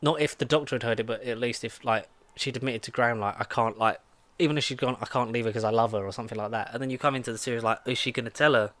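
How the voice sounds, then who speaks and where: This podcast co-host, a man, speaks rapid-fire in a steady, mid-range voice with a slightly bright edge. He keeps the chat casual and rambling, restarting often and leaning on fillers.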